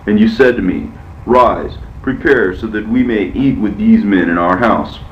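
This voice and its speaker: A man's voice: fairly low pitch, unhurried, a little hiss or hum, natural voice. A man reading as an aged, anxious wife. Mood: insistent. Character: aged matriarch, anxious then insistent wife. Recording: echoey, muffled, from far off.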